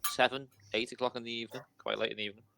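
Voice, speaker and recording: A man narrating a tabletop game as dungeon master, in a relaxed, chatty way. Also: medium pitch, racing, creaky, slight background noise.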